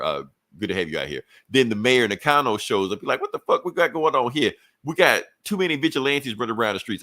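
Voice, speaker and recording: Podcast host, man, lowish voice, rambling, cussing, dry close mic. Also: sharp tone, no echo. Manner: profane, rambling retelling with quick voiced asides. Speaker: podcast co-host recapping a comic. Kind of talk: casual comic book recap chat.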